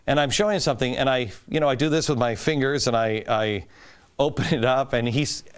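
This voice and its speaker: A man's voice: medium pitch, brisk, clear, resonant tone. A middle-aged man hosting a talk show, giving an emphatic political commentary monologue. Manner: animated, emphatic, rising to stress points.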